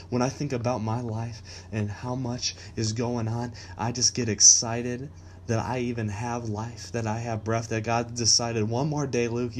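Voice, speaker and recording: A man's voice: mid-range voice, slight background noise. Encouraging man hosting a faith podcast. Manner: upbeat, encouraging, chuckles often. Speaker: podcast host. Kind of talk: casual faith podcast talk.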